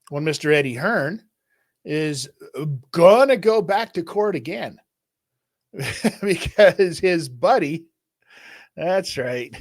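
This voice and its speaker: A man hosting a boxing podcast, talking in a wry, unhurried way. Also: a little high, dry recording, clean studio sound. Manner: unhurried, wry, drawn-out phrasing. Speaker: podcast host. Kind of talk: casual boxing podcast chat.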